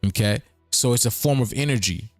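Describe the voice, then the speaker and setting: A man's voice: medium pitch, a little fast, no room sound, soft background music. A man hosting a casual livestream, talking in a rambling, repetitive way with chuckling asides. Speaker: streaming show host.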